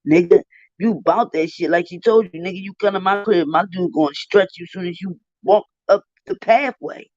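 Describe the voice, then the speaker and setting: High-voiced man ranting, profane and indignant. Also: moderate pace, darkish tone, no echo. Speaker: commentary streamer. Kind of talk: heated live commentary. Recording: dull dry lo-fi stream audio.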